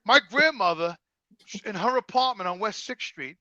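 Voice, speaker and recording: A middle-aged man with a New York accent telling profane, animated stories in casual conversation. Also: high voice, moderate pace, lo-fi sound, noisy background. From Brooklyn, New York. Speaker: guest. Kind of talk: casual storytelling.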